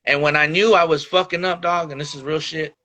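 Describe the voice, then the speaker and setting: A higher-pitched man talks fairly quickly in a steady, bright, forceful tone. On a podcast, he shares his life story openly and casually, his speech profane and slangy, sprinkled with "bro" and "dog."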